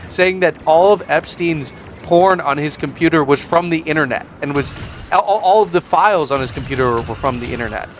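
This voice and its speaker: Male reaction vlogger, slightly high voice, sarcastic, rambling, faint noise behind. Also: expressive, fairly quick. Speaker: commentary vlogger. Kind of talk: casual reaction commentary.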